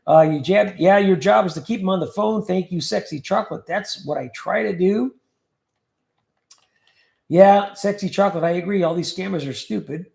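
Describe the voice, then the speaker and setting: Speaking at a moderate pace, a livestream host with a high, gravelly, slightly dark voice chats and jokes. He reads viewer comments aloud, and the room around him is echoey.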